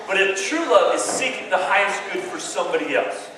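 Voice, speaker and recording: A man giving an animated, joking talk to a young audience as a youth speaker, playing to the crowd. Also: high-pitched, a little fast, background noise. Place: large hall with a live audience. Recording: echoey hall from far off with a crowd. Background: crowd of kids reacting.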